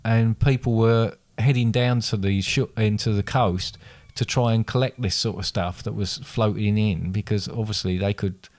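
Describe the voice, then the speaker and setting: A man with a lowish voice runs a relaxed quiz between friends. He reads the questions aloud, stumbles and starts them over, and teases his guest as he goes. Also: moderate pace, few pauses. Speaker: quiz host. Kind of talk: casual quiz chat.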